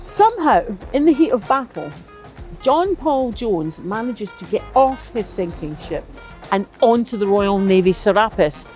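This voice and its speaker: A woman's voice: mid-range voice, very animated, measured pace, darkish tone, soft background music. A middle-aged woman telling history as comedy, with wry, playful asides in a mock-serious tone. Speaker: comic history guide. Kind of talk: comic historical storytelling.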